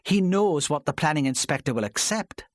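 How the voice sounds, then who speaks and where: A man voicing a nervous, evasive woman who is a suspect's wife, speaking high and tense. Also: expressive, moderate pace, dry recording, clean studio sound, close to an everyday voice. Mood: guarded.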